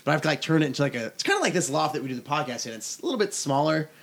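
A young man tells a long story to his friends on a casual podcast, his words tumbling out fast and loose with plenty of "like"s. His voice sits a little higher than most men's. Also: sing-song, vocal fry, fairly bright tone. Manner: rambling, laughing, heavy on fillers. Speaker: podcast host.

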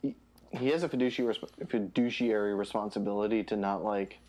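A man's voice: on the low side, brisk, darkish tone. A young man in casual podcast chat, loosely retelling a story and swearing offhandedly.

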